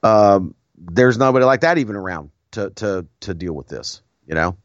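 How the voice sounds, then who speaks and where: A man's voice: lowish voice, expressive, moderate pace, no echo. Man, podcast co-host, rambling chatty talk, dull muffled audio, dry sound. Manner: rambling, digressive, with frequent restarts and laughs. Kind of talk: casual chat.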